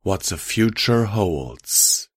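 A man reading first-person fan fiction aloud in a measured, reflective manner. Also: fairly low pitch, expressive, dry recording, studio quality. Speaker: audiobook reader.

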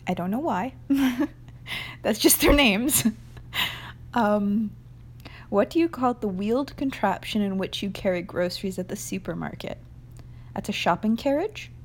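There's slight background noise as a young New England vlogger works through an accent challenge in casual conversation. Her medium-pitched voice has lively intonation and an unhurried pace, and she pauses often, hesitant and chatty, with frequent fillers and soft laughs.

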